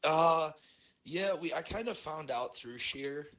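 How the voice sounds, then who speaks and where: A man's voice: fairly high pitch, animated, slow, crowd noise, poor audio. A young man with a Midwestern American accent, co-hosting a podcast in casual, rambling chat and laughing often. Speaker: podcast co-host.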